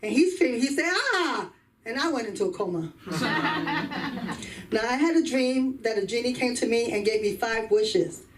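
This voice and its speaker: A woman's voice: a little high, moderate pace, crowd noise. A woman doing a stand-up set at an open mic, telling stories and laughing at her own punchlines. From New York. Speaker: stand-up comedian. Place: comedy club open mic. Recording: far from the mic, faint room noise.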